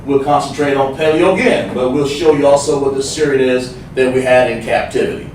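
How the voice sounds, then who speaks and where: A man teaching a livestreamed class, explaining slowly, repeating himself and sounding out letters. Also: medium pitch, fairly even intonation, darkish tone, far from the mic. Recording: echoey room, voice from off the mic, faint noise.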